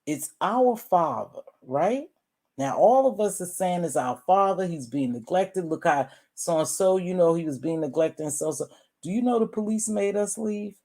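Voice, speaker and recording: A woman in her sixties telling a family story in a casual, animated way, often calling her listeners "baby" and "y'all.". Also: fairly low pitch, moderate pace. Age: 60s. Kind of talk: casual storytelling to a live audience.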